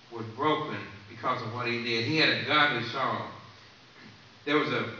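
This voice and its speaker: A man's voice: medium pitch, bright, forceful tone, a little hiss or hum. A man preaching a sermon, retelling stories earnestly and repeating key phrases. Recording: very echoey, distant and dull.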